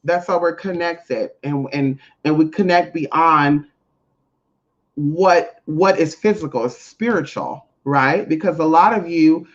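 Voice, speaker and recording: A spiritual reader in a casual monologue to viewers, blunt, profane and emphatic, with big swings in pitch. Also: takes it slowly. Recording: dull lo-fi audio.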